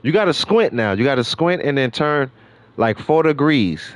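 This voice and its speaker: A man's voice: mid-range voice, animated, normal speed, no room sound. A middle-aged man from New York City hosting a gaming livestream, rambling in slangy casual chat and laughing often. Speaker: livestream host.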